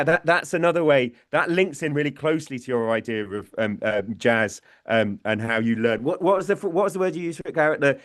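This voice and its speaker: A British man speaking as a guest researcher in a podcast interview. His voice sits at a middle pitch, and he thinks aloud with restarts, often checking in with "yeah?". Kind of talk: conversational explanation.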